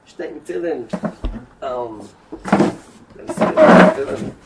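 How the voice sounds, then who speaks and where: High-pitched rabbi w telling a torah story, halting restarts, mic far off. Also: male voice, wildly swooping pitch. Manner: storytelling, mixing Yiddish and Hebrew terms, with halting restarts. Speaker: rabbi teaching a Torah class. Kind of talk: Torah lesson. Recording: distant mic with faint background noise.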